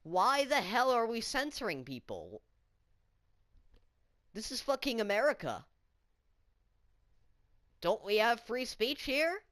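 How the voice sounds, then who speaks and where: Slow, indignant female vlogger ranting. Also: a little high, fairly bright tone, dry recording, studio quality. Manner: indignant, incredulous, swears often. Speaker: student vlogger. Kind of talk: story-time vlog rant.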